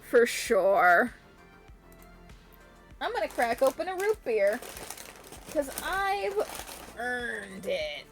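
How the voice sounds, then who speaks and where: Slow-talking laughing woman streamer. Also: on the high side, very animated, soft background music. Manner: laughing often, crude swearing, playful storytelling. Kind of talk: casual chat.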